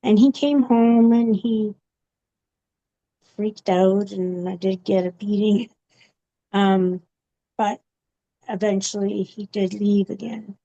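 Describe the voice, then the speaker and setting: Woman, halting testimony, dark gravelly voice, dull lo-fi sound. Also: mid-range voice, fairly even intonation. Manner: halting, with frequent pauses and fillers. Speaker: guest giving a testimony. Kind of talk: personal testimony interview. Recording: dull, muffled recording.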